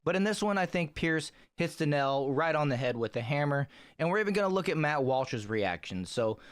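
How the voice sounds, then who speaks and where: A man's voice: fairly high pitch, sing-song, fairly quick, smooth. A man hosting a channel, opening the video in an upbeat, gloating, casual way. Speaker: channel host.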